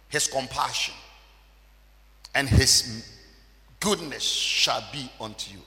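A male pastor preaching a sermon, swinging between loud shouted emphasis and quiet low asides. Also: slow pace, long pauses, in a large hall.

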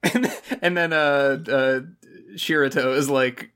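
A man's voice: medium pitch, slow, a bit bright, clear, resonant tone. A man in casual comedic chat with a co-host, laughing often and riffing in mock voices.

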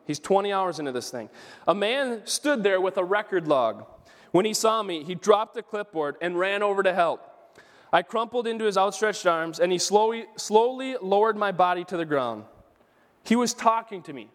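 A man preaching a sermon as pastor, telling a story with animated, emphatic rises. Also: high voice, normal speed. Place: church sanctuary. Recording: church hall with long reverb.

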